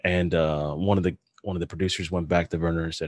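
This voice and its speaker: A man's voice: deep voice, fairly even intonation, fast talker, dry recording, clean studio sound. A man hosting a podcast in casual chat, telling stories animatedly, laughing often and swearing. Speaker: podcast host.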